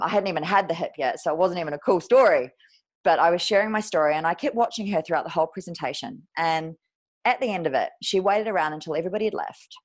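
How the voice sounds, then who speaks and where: A woman with a notably low voice recounts her own story as an interview guest. She talks candidly and with feeling, and lets a swear word slip now and then. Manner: frank, emotional, drops the odd swear. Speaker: guest, personal trainer.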